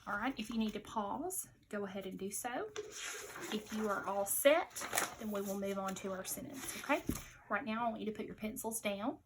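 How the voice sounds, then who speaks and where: A woman teacher giving a slow spelling dictation to young children, patiently repeating each word with care. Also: medium pitch, noisy background.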